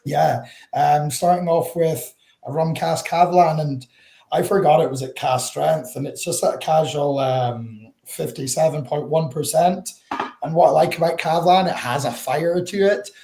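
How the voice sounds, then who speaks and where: A man's voice: a little high, normal speed, vocal fry, warm tone, echoey room. A man with a Northeast Scottish accent chatting as a guest on a video call, telling stories and laughing often. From Northeast Scotland. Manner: chatty storyteller, laughs often, uses Scots words like wee. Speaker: guest, whisky ambassador. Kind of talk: casual chat over a video call.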